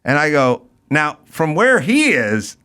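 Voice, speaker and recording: A man's voice: fairly high pitch, takes it slowly, clean tone. A male podcast host telling a rant-filled story in casual chat, acting out the people in it. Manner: animated, ranting, acts out quotes.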